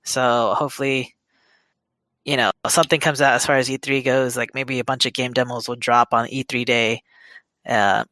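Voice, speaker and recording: A man co-hosting a podcast, chatting casually about gaming news, rambling with fillers and quick self-corrections. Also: medium pitch, level tone, sharp tone, no room sound. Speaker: podcast co-host. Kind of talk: casual chat.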